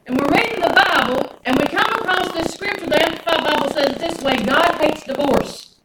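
Woman preacher in her sixties, high voice, folksy call-and-response style; roomy, noisy recording. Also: brisk. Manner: folksy, calls on the congregation for responses. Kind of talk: sermon. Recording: echoey room, mic at a distance, noisy.

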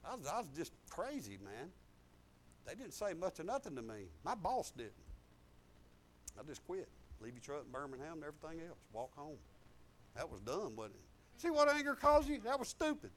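Preacher guy, high voice bouncing all over, folksy storytelling. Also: very animated, moderate pace, a little hiss or hum. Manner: folksy storyteller, swings loud and soft. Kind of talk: preaching testimony.

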